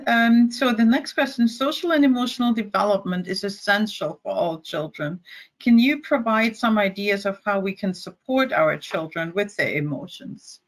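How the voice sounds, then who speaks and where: A woman's voice: mid-range voice, normal speed. A woman moderator with a mid-range voice reads the next question aloud to the speaker. Her delivery is plain and matter-of-fact.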